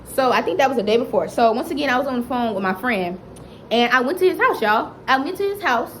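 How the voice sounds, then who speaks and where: A young woman vlogger telling a dramatic personal story in a lively, chatty way, often turning to address her viewers. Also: high voice, fast, slight background noise, rough recording. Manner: animated, dramatic retelling that keeps addressing viewers directly. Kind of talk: storytime vlog.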